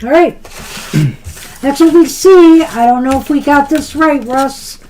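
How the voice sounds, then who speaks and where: A woman reading tarot on a live stream, talking casually and laughing between thoughts. Her somewhat high voice is a little hoarse, as she is losing it. She drifts and loses her place now and then. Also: slow pace, darkish tone, slight background noise. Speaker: tarot reader co-host.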